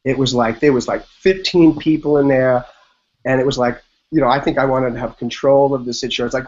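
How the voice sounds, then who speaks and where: A man's voice: medium pitch, steady tone, brisk, darkish tone. Rambling man in his fifties, lo-fi. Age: 50s. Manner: rambling, loose retelling full of "like" and "you know". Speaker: podcast guest. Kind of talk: casual interview storytelling. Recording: dull lo-fi podcast audio.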